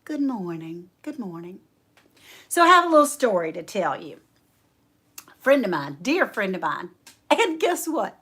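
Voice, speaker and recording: A woman hosting a homestead livestream, telling a story in a folksy, animated way. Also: mid-range voice, slightly rough. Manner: slow, folksy, animated storyteller who laughs often. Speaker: homestead channel host.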